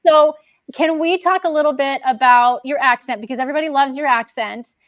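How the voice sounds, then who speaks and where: Woman host, high-pitched, enthusiastic chatter, dry recording. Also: fairly quick, no room sound, muffled recording. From United States. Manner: enthusiastic, giggly, talkative. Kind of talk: casual chat.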